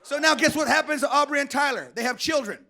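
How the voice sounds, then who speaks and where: High, gravelly preacher man shouting. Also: quick pace. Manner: shouting, joking, calls for amens. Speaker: pastor. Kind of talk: energetic sermon. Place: church.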